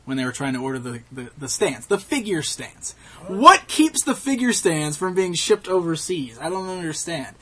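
A man's voice: a little high, very animated, normal speed, bright, forceful tone, slightly rough. A man co-hosting a podcast, explaining at length in casual chat and laughing easily. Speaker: podcast co-host.

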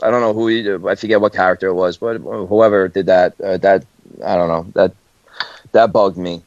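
A man's voice: deep voice, normal speed, dry recording, muffled recording. A man co-hosting a casual podcast chat, hesitant and full of fillers. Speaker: podcast co-host.

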